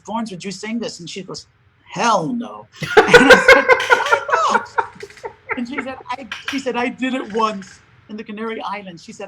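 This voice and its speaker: An older man, a guest opera singer, chatting in an interview and telling lively stories in which he acts out the lines of other people and laughs often. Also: high voice, a little hiss or hum, poor audio. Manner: animated storyteller, acts out quoted dialogue, laughs often. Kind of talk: casual interview chat.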